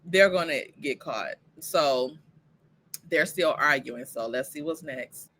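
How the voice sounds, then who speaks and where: A woman reviewing a TV show, recapping it in a blunt, profane, animated way. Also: deep voice, slow. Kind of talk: casual TV recap commentary.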